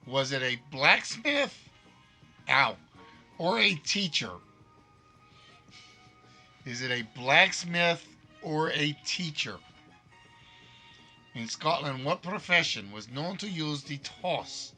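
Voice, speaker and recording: Man, game show host, slightly high voice, unhurried delivery, teasing banter, faint music behind. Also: lively intonation, sharp tone. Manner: playful, teasing banter with players and chat; reads questions slowly and repeats them. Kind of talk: live-streamed quiz hosting.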